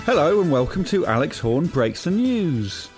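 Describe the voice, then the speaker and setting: A middle-aged man hosting a comic podcast, talking in a dry, deadpan, whimsical way. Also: fairly high pitch, normal speed, over music. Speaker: podcast host.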